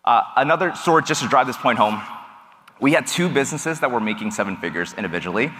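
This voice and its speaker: Male business coach, lively and bright, quizzing the crowd, long hall reverb. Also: mid-range voice, quick pace, slight background noise. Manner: animated, asks the crowd questions. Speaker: business coach speaking to an audience. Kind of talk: energetic seminar talk. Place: event hall with a live audience.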